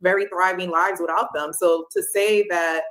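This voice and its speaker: A woman guest on a podcast panel who argues her position in a calm, measured way. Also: lowish voice, rough recording.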